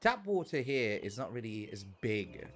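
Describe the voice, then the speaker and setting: Animated joking male streamer. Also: medium pitch, normal speed. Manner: joking, rambling, animated outbursts with swearing. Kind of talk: casual gameplay livestream chat. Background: faint background music.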